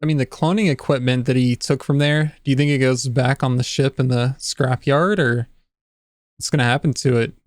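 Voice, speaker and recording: A man's voice: medium pitch, fairly even intonation, moderate pace, no echo, studio quality. A young man on a reaction show, chatting casually and thinking aloud. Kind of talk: casual chat.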